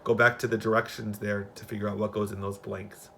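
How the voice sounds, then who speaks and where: A man's voice: fairly low pitch, level tone, fairly quick, fairly bright tone, a little hiss or hum. A male elementary teacher talking through the day's assignments for remote students, patient and plain, with fillers and restarts. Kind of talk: recorded remote class instructions.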